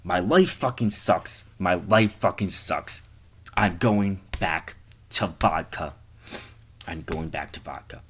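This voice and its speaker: Weary henpecked husband, played by a man, flat glum stammer. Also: sits low, moderate pace.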